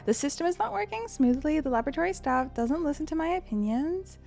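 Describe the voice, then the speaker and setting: A woman's voice: high voice, animated, fast, vocal fry, dark tone, soft background music, pitched above the performer's own voice. A woman reading as a weary, frightened lab manager. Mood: somber. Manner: earnest, somber read-aloud diary delivery.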